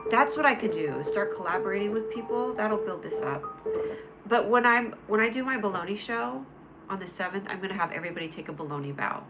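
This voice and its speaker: A woman's voice: medium pitch, lively intonation, fast talker, over loud music. A woman hosting a casual livestream, chatting in a bubbly, rambling way and answering her viewers by name. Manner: bubbly, rambling, reads chat comments aloud and answers viewers. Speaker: livestream host.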